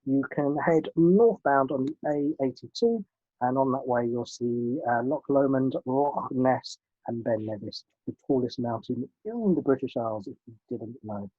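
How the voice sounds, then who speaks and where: A man's voice: medium pitch, moderate pace, slightly rough, no echo, narrow, tinny audio. A man co-hosting a casual car podcast, reading out listener emails with frequent hesitant fillers. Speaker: podcast co-host.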